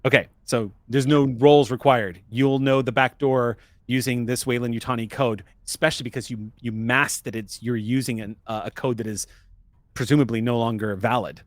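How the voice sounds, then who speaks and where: A man's voice: medium pitch, fairly even intonation, moderate pace, no room sound. Game master, male, patient rules explainer, mid-range voice, dry close mic. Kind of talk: running a tabletop game.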